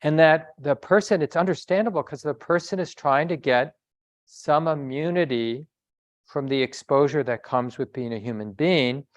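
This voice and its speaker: A man giving a dharma talk as a meditation teacher, speaking in a reflective, conversational way with pauses and self-corrections. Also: a little high, no echo.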